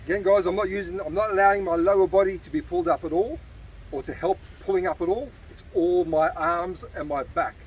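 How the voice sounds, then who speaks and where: Traffic hums behind a distant outdoor recording of a fitness coach exercising in a beach park. His voice sits high and runs a little fast, and he encourages viewers through the casual workout while slightly out of breath.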